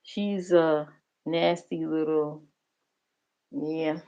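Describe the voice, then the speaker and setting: A woman's voice: sits low, level tone, extremely slow, warm tone, smooth, muffled recording. Blunt, profane woman gossiping on a livestream. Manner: blunt, profane, gossipy, talks straight to viewers. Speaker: livestream reaction host. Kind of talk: casual commentary.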